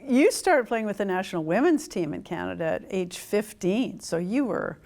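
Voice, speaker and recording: A woman's voice: medium pitch, lively intonation, moderate pace, a little mellow. A woman hosts the interview in a mid-range voice. She asks her questions in a playful, teasing way. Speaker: interview host. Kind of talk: conversational interview.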